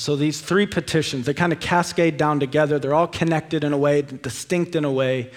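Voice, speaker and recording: A man in his thirties delivers a sermon in a church, his voice sitting notably high. He preaches with impassioned energy that climbs to fervent peaks. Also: steady tone, brisk, few pauses. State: out of breath. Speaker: pastor. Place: church sanctuary.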